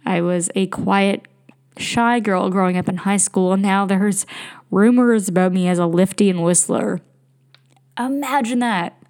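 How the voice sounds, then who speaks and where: A woman's voice: medium pitch, steady tone, unhurried, a little mellow. A young woman hosting a podcast, telling a rambling, casual story, swearing freely and laughing often. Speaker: podcast host.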